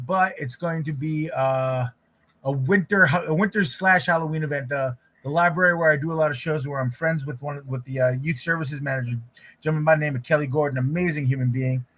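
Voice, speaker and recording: A man's voice: fairly high pitch, normal speed, fairly bright tone. A man hosting a casual livestream while drawing, talking in a loose, rambling way with frequent restarts. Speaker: livestream host, artist.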